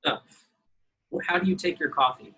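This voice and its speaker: A man's voice: a little high, sharp tone, slightly rough, rough recording. A man interviewing a colleague outdoors, firing off questions and teasing his guest. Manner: playful, teasing, quick questions. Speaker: interviewer, church organist. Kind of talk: casual interview.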